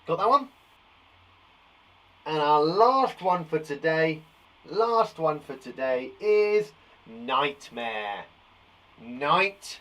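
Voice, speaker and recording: A man with a fairly high, very animated voice teaches young children phonics online, speaking slowly with frequent pauses in a bright, forceful tone. He's upbeat and playful, singing, joking, and handing out praise often.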